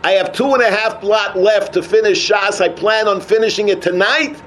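A man's voice: high-pitched, moderate pace, fairly bright tone, a little hiss or hum. A man voicing a determined young yeshiva student in a Yiddish-inflected English.

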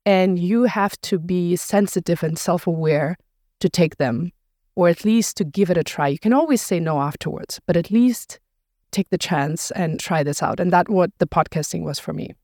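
A woman, a podcast founder interviewed on her own show, telling her story in a relaxed, reflective way with frequent "like" fillers. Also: on the low side, moderate pace, no room sound, studio quality. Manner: reflective storyteller, fills speech with "like". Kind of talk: casual conversational interview.

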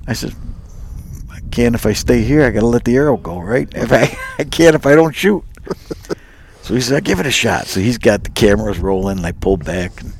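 Gravelly, lively male storyteller. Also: mid-range voice, a little fast, a little hiss or hum. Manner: lively, laughing storyteller who acts out both sides of dialogue. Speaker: guest. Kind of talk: animated storytelling.

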